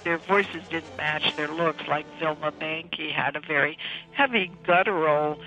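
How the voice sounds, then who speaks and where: A woman guest expert on a radio panel, talking about film with animated enthusiasm. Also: deep voice, a little slow, faint music behind. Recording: slightly dull, dry line.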